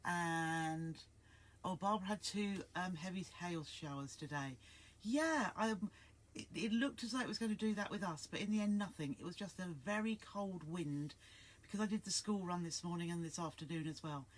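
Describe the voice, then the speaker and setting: A woman's voice: fairly low pitch, normal speed. A woman hosting a casual sewing livestream, chatting and greeting viewers by name in a rambling way.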